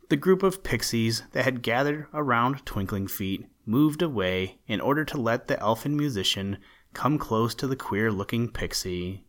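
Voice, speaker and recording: A man reading a children's storybook aloud as narrator, gentle and measured. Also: mid-range voice, animated.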